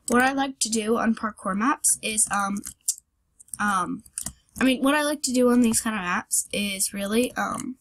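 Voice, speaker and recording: Her fairly high voice is a bit bright and carries some vocal fry. This young channel host plays a parkour game, yelps at her fails, and offers loose, self-mocking chatter over the clatter of her keyboard.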